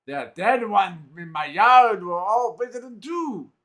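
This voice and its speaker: A man voicing a scowling, gruff male trapper who drawls and shouts his lines slowly. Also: high-pitched, lively intonation, voice pushed up, heavily acted. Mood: hostile. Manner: loud, drawn-out shouting.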